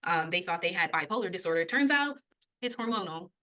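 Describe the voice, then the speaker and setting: A young adult woman co-hosting a podcast, chatting casually and explaining a topic, laughing often and getting a little breathless when excited. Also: lowish voice, fairly quick, low-quality recording. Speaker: podcast co-host.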